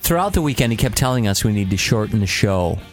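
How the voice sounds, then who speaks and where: A man's voice: fairly low pitch, expressive, fast talker, faint music behind. A man co-hosting a podcast in casual chat, teasing his co-host and reading listener mail.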